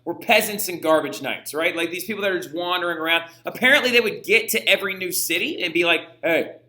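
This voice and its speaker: A man's voice: sits high, fast, bright, forceful tone, roomy sound. A male teacher giving a casual history lesson, chatty and slangy, saying "right?" and "like" a lot and acting out the people in it for laughs. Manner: voices the people he talks about for humor.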